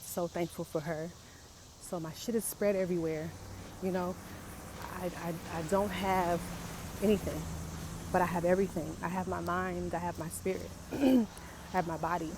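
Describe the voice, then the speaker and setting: A young woman speaking in a raw, confessional vlog, emotional and halting, often repeating herself as she works through her feelings. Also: fairly low pitch, steady tone, background noise. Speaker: vlogger.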